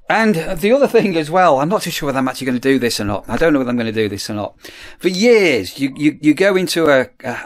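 Chatty British man rambling in a vlog. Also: mid-range voice. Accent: British English. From United Kingdom. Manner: chatty, asks viewers questions, repeats words when restarting. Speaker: vlogger, campsite warden.

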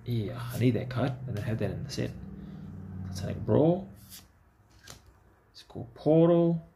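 A man's voice: mid-range voice, animated, a little slow, gravelly, mellow, a little hiss or hum. A man giving casual, chatty commentary to himself as he opens trading card packs. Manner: talks to himself, easygoing and chatty. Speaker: card-opening vlogger.

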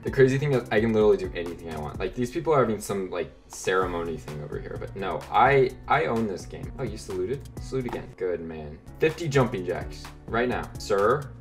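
A man giving lively, bossy, teasing commentary as a gaming YouTuber over his own gameplay. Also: fairly low pitch, a little fast, few pauses, soft background music.

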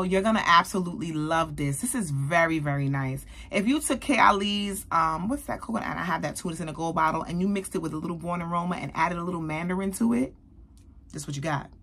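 A woman beauty vlogger, likely in her thirties, reviewing a perfume in an animated, chatty way and talking straight to her viewers. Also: on the low side, fairly quick. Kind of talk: casual product review.

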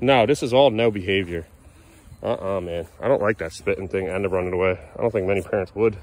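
A man's voice: on the low side, fast talker, darkish tone. A father filming a vlog at a playground, sternly scolding his kids and muttering exasperated asides to the camera on a handheld phone. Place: outdoor playground.

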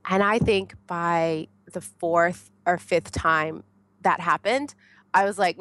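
Medium in pitch and measured in pace, an American podcast guest narrates her story casually and animatedly over a dry recording. She often laughs and dramatizes what she shouted back then.

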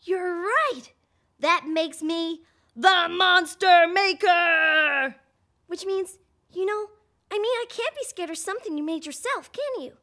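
A woman voicing a chatty, excitable little boy puppet who hosts a children's show and talks straight to the viewer. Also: very high-pitched, slow, heavily acted. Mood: reassuring. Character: playful little boy puppet, pre-school vlogger.

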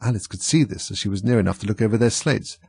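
A man reading a storybook aloud, expressive. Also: on the low side, quick pace, gravelly, slightly rough. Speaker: narrator.

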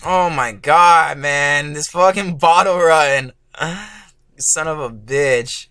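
A man doing let's play commentary as a gaming YouTuber, excitable and swearing, yelling at the game and groaning when he fails. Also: on the high side, slow, clean tone. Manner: groaning frustration at failures.

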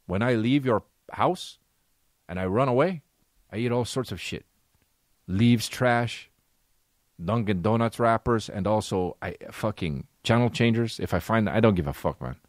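A man voicing a dopey, laid-back male dog that eats trash, in a lowered slacker drawl with an unbothered manner. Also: normal speed, no room sound, clean studio sound, close to an everyday voice. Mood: cocky.

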